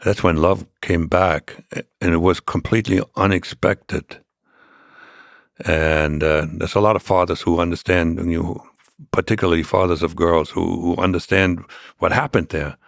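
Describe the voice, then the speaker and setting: An older man, a podcast guest, telling a long story in a halting way with many restarts. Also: low-pitched, steady tone, vocal fry, no echo, clean studio sound. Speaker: interview guest.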